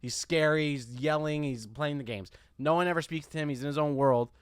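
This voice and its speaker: A young man, a comedian and podcast host, telling a rambling, animated story with lots of restarts. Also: on the high side, a little fast, smooth, no room sound, studio quality.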